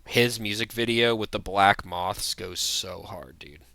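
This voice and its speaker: A man's voice: lowish voice, steady tone, measured pace, vocal fry, sharp tone, no room sound. A young man giving blunt, rambling tier-list commentary, full of fillers and restarts. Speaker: vlogger.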